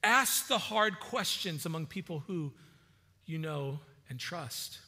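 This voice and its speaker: A man delivers a sermon in a conversational, animated way, often restarting phrases with repeated words. His voice is bright and forceful and sits a little high. The sound rings with a long reverb from a large hall. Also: slow pace. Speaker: pastor.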